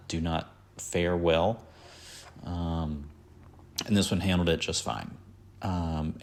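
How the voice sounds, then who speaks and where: A man hosting a podcast, chatting casually in a rambling way, with many fillers and self-corrections. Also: low voice. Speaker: podcast host. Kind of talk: casual chat.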